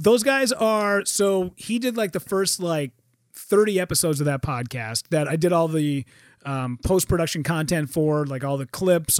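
Animated high-voiced man telling a story. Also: dry recording, studio quality. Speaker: guest. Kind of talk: casual storytelling.

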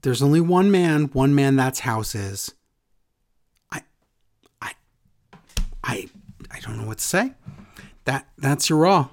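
A man's voice: medium pitch, expressive, slow pace, long pauses. Sarcastic, exasperated podcast co-host man. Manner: sarcastic, exasperated, mocking impressions. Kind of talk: casual chat recapping wrestling.

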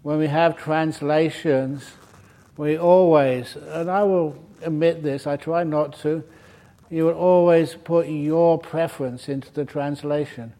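A man's voice: fairly high pitch, fairly even intonation, slow pace, dark tone. A man giving a dharma talk to a retreat group as their meditation teacher, humorous and digressive, breaking off to joke. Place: retreat centre meditation hall.

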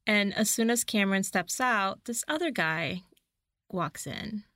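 A woman's voice: mid-range voice, expressive, bright, forceful tone, dry recording, studio quality. A woman co-hosting a podcast, playfully retelling a movie's plot in casual chat. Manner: playful storyteller, narrates plot with quick acted-out quotes. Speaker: podcast co-host.

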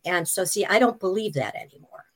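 A woman's voice: mid-range voice, lively intonation, brisk, a bit bright. A middle-aged woman recounting her experience in an interview, with a mid-range voice. She talks candidly and with animation, slipping into the voices of the people she quotes and laughing as she goes. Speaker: guest describing a near-death experience.

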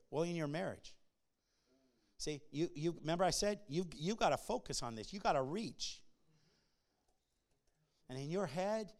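A male pastor preaching to a congregation, emphatic and animated, swinging between loud shouts and hushed, near-whispered passages. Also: fairly high pitch. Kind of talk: sermon. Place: church before a congregation.

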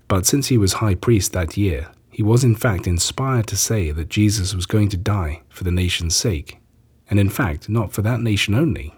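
Man, scripture reading, deep voice, very smooth and resonant. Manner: measured, even narration. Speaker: scripture reader.

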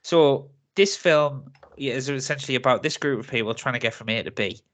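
A man's voice: medium pitch, moderate pace, a bit bright. A man hosting a casual film review chat, talking freely, ranting and laughing often. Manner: chatty, laughs often, rants with mock accents. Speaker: film review podcast host.

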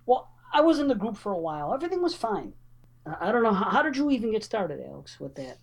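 A man's voice: high-pitched, fast. A man co-hosting a podcast, chatting casually and loosely with offhand swearing. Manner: relaxed, trails off, swears casually. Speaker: podcast co-host. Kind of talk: casual profane chat.

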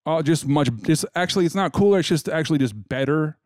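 A man's voice: fairly high pitch, fast, darkish tone, dry recording, clean studio sound. A man telling a rambling, joking story in casual chat, with lots of restarts. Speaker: podcast co-host.

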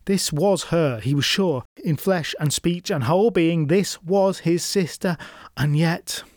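A male storyteller reads a folk tale, building scenes with drama and tossing in wry asides. His voice sits slightly high. The recording is close and dead dry. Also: a little slow, darkish tone, no echo. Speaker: storyteller host. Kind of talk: scripted folklore narration.

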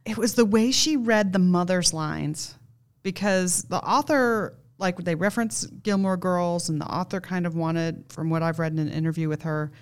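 A woman's voice: lowish voice, moderate pace, clear, resonant tone. A woman in casual book-club chat, thoughtful and a little self-deprecating. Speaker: book club podcast host.

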